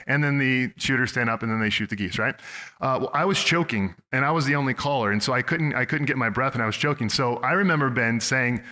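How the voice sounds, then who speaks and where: Young guy pastor preaching, bright voice, big echoey church hall, chatty storytelling. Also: medium pitch, fast. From Oregon, USA. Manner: conversational storytelling with frequent restarts. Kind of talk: sermon. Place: church sanctuary. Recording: long hall reverb.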